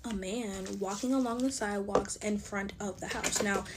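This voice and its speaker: A woman's voice: mid-range voice, steady tone, normal speed, noisy background. A woman in her twenties chatting through a casual storytime while playing with slime, full of fillers and talking to viewers as y'all. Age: 20s. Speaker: TikTok storyteller.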